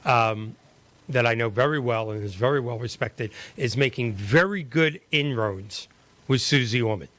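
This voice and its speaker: A man hosting a panel discussion, asking energetic, rapid-fire questions. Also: medium pitch, no echo. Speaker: show host.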